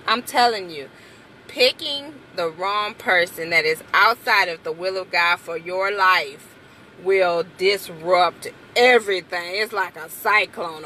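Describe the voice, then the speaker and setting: A young adult woman vlogging from inside a car, chatting casually and playfully with her viewers, breaking into high exclamations. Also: pushed and bright, a little hiss or hum.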